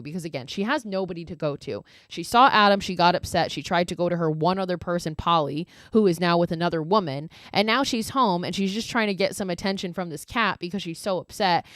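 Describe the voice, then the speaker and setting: A woman's voice: on the low side, lively intonation, a little fast, hardly any pauses, no echo, studio quality. A woman podcast host casually recapping a film, peppering it with "like" and profane, exasperated asides. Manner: fillers of "like" throughout.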